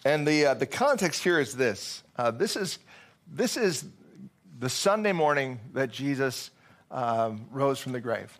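A male pastor preaching in a relaxed, conversational manner, his voice at an ordinary middle pitch. He drifts through fillers and restarts as he talks to the room. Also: unhurried. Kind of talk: sermon.

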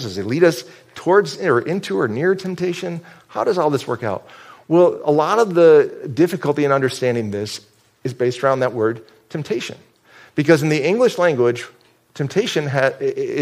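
A man's voice: fairly high pitch, animated, normal speed, darkish tone. A man from upstate New York preaching a sermon as pastor, talking in a conversational, joking way and often restarting his sentences.

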